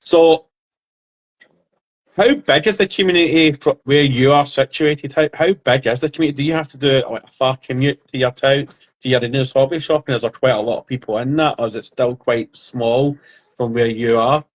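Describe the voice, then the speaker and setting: A man's voice: medium pitch, moderate pace. A man co-hosting a casual podcast, teasing and joking in loose banter. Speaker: podcast co-host. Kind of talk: casual chat.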